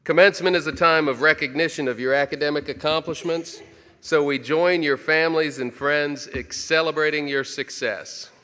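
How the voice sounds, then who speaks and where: A man's voice: a little high, steady tone, normal speed, bright, forceful tone. Friendly man emceeing a graduation. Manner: friendly, chatty asides to the graduates. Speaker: ceremony emcee. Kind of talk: ceremony announcements. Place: large hall. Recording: long hall reverb.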